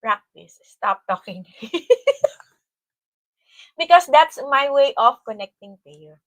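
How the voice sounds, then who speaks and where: A woman from the Philippines with a Filipino accent, co-hosting a casual livestream, chatty and quick to laugh, choosing her words carefully. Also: high-pitched, animated, fairly bright tone, no room sound, rough recording. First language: Tagalog. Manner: chatty, laughs often, careful deliberate phrasing. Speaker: livestream co-host.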